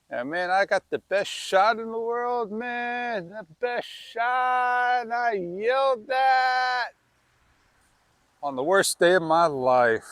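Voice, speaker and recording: A man with a high, lively voice rambles through a casual outdoor vlog, taking his time and often tossing in an exclamatory "man". The sound is close and dry, caught on a wireless clip-on mic. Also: dry recording. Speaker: vlogger.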